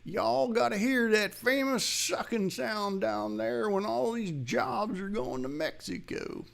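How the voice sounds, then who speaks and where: A man putting on a rough impression of a folksy older Texan male presidential candidate, with a drawling Texan accent. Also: high voice, expressive, takes it slowly, voice pushed up, full character voice. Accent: put-on Texan drawl. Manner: drawling, self-described weak impression.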